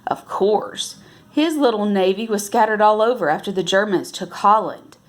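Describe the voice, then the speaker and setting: A woman with a mid-range voice reads a novel aloud unhurriedly, sometimes correcting herself and restarting lines. She lifts her voice when speaking the characters' dialogue.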